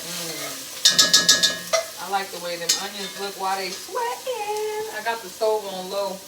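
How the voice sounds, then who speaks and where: Talking slowly but very animatedly at a medium pitch, a middle-aged woman from the American South films a casual cooking vlog, blunt, folksy, and profane, forever drifting into family stories. Her voice echoes in a bare kitchen far from the mic. Frying food sizzles loudly, and the whole clip is very noisy.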